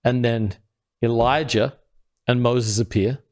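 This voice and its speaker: A man talks through a scripture passage as if teaching friends at a table. He is earnest and builds his point step by step. His voice sinks low and soft whenever he quotes a verse. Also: fairly even intonation, slow pace. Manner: drops quiet and low when quoting scripture. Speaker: podcast co-host. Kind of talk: conversational Bible teaching.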